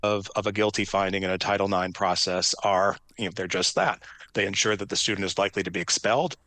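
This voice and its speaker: A man speaking in a played news clip, explaining in a measured, hesitant way. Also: low voice, steady tone, bright, forceful tone, dry recording.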